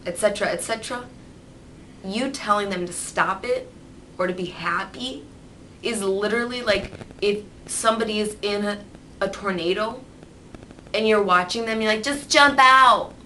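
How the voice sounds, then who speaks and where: A woman vlogging candidly, rambling and swearing freely, turning lively when she mimics others. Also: medium pitch, normal speed, pauses often, slight background noise, poor audio. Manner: animated, mimics voices in quotes. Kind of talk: candid personal vlog.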